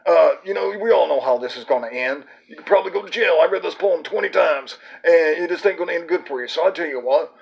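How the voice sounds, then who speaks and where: A man's voice: on the high side, fast talker, hardly any pauses, muffled recording. A man voicing a flustered stuffed-monkey puppet host, stammering through exasperated rants. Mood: scolding. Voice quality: gravelly and husky. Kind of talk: puppet comedy sketch.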